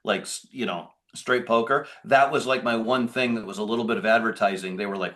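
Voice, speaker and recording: A man who owns a business is a guest on a podcast, speaking in casual interview talk. His voice is lowish and a bit bright, at a moderate pace, and he rambles conversationally, often restarting his sentences.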